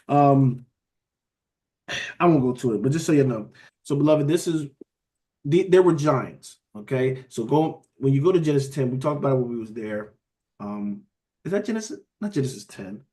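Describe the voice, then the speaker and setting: A man leading a Bible study in a casual preaching style, lively and conversational, often calling his listeners "beloved". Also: mid-range voice, moderate pace, pauses often.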